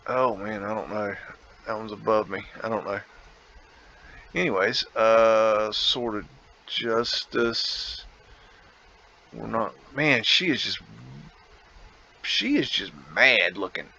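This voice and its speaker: Slow rambling guy musing over photos, kinda muffled lo-fi audio. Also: lowish voice, bright, forceful tone. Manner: rambling, musing aloud with laughs. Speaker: vlog host. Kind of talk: casual photo commentary.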